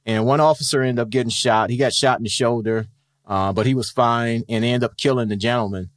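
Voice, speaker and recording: A middle-aged retired police officer tells stories in a casual interview, animatedly acting out the voices of the people in them. His voice is medium-pitched and fairly quick, captured in clean studio sound with no echo.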